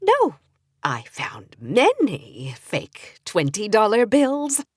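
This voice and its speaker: A woman's voice: medium pitch, wildly swooping pitch, takes it slowly, husky, no echo, clean studio sound, pitched above the performer's own voice, full character voice. A woman voicing a blunt, emphatic small-town woman who plays poker, raising her voice well above her narration. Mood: indignant.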